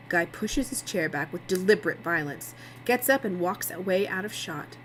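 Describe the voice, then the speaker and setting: A woman's voice: fairly low pitch, normal speed, hardly any pauses, slight background noise, low-quality recording. Woman reading a mystery novel aloud. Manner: plain, even narration with asides. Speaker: reader, livestream host.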